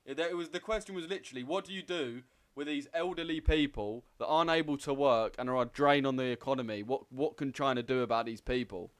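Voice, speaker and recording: A young man in his twenties speaks with an average-pitched voice. He rambles in loose, swear-heavy banter as he trades live and answers his viewers' chat. The delivery is offhand and conversational. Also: quick pace, hardly any pauses. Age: 20s. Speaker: trading streamer. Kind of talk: casual livestream chat while trading.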